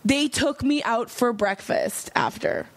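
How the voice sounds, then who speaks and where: Young woman podcast guest, candid, rambling delivery, slightly high, dry mic. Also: huge pitch swings, a little slow, no room sound. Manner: candid, rambling, lots of fillers. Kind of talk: casual conversation.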